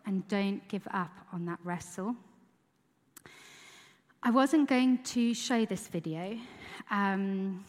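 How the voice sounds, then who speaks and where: A woman's voice: medium pitch, slow pace, long pauses. A woman preacher giving a candid, conversational sermon, telling stories with bursts of emphasis. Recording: long reverb of a large hall.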